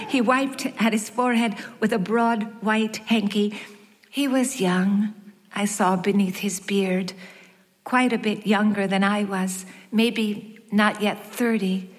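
A woman narrating her own story as an audiobook, wry and measured with light self-mockery. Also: medium pitch, fairly even intonation. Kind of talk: first-person audiobook narration. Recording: long hall reverb.

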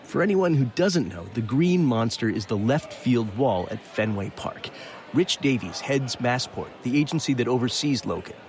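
A man's voice: mid-range voice, a little hiss or hum. A man reporting a scripted radio news story, introducing the people he interviewed. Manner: measured, lively intonation with names and places.

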